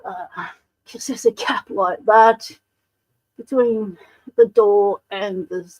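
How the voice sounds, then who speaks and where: A woman's voice: medium pitch, steady tone, slow, a little mellow, poor audio. A woman with an Australian accent hosting a casual livestream, chatting and greeting viewers by name. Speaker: livestream host.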